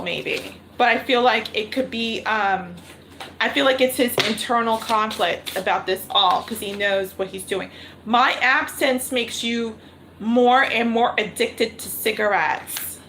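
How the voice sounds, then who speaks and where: A woman runs a live tarot reading, her voice sitting a little high as she talks the cards through. She thinks out loud and keeps repeating her questions to spirit. A clear clicking sound runs underneath her voice. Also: slow pace, noisy background. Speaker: tarot reader.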